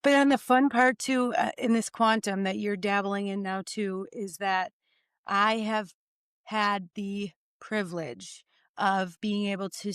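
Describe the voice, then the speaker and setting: A woman hosting a podcast, talking in an upbeat, earnest way in quick bursts. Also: medium pitch, smooth, no room sound, clean studio sound. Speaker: podcast host. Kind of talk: casual chat.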